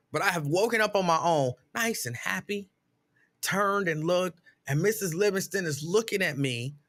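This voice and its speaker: A middle-aged man hosting a casual live stream, telling stories with mock outrage and reading viewer comments aloud. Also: fairly high pitch. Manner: animated, exasperated storytelling with mock outrage.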